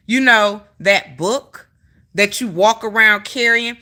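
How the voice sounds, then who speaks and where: A woman's voice: mid-range voice, slow pace, pushed and bright. A woman streaming live, ranting emphatically and with a lot of profanity as she talks straight to her viewers in the chat. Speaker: livestreamer. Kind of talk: heated commentary rant to a live chat.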